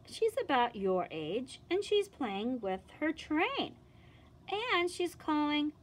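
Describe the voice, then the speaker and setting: A woman leads a children's storytime, reading aloud and singing with a sing-song lilt. Her voice is high and swoops widely. She talks slowly and speaks straight to the young listeners. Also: very animated. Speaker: children's librarian.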